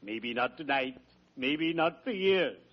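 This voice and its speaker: An actor playing a gloomy, pun-loving undertaker who talks slowly and solemnly in a 1940s radio sitcom. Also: male voice, mid-range voice, expressive. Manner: slow, solemn, drawn-out delivery. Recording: dull old radio recording.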